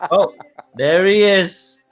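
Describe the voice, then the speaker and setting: A man's voice: high-pitched, slow pace, faint music behind. A man hosting an interview, enthusiastic and gushing as he asks questions. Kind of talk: casual interview.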